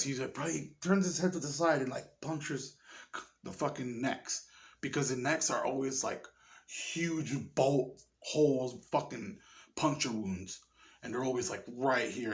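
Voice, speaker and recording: A man reviewing a horror movie in a casual, rambling way, swearing often and getting excited. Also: medium pitch. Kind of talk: casual chat.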